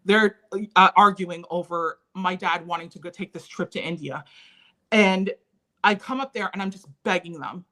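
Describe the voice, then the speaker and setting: A woman's voice: lowish voice, moderate pace, fairly bright tone. Earnest woman sharing a personal story. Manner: candid, earnest, recounting painful memories. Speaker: interview guest.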